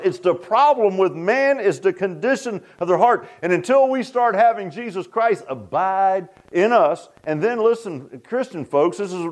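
A pastor delivering a sermon in a fairly high, emphatic voice. He preaches in a folksy way, circles back on his own phrases and laughs at his own asides.

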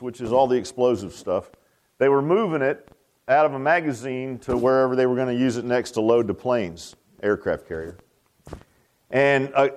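An older man preaching a sermon in a folksy, animated way, repeating phrases for emphasis. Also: mid-range voice. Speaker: pastor.

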